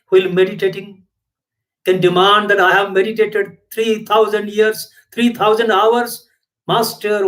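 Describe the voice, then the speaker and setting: A man's voice: high voice, fairly bright tone, low-quality recording. A man giving a spiritual sermon, emphatic and repetitive, with rhetorical questions. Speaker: spiritual teacher.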